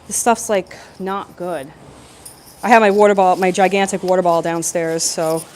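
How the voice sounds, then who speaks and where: A young woman telling a work story on a live stream from her phone, chatty and animated, with lots of fillers and laughs. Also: fairly low pitch, normal speed. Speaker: plumbing apprentice vlogger. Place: construction site building, indoors. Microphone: phone held in hand.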